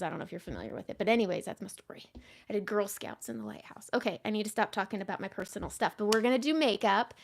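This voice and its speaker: A woman hosting a makeup livestream, chatting casually with viewers and drifting into soft muttered asides. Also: medium pitch.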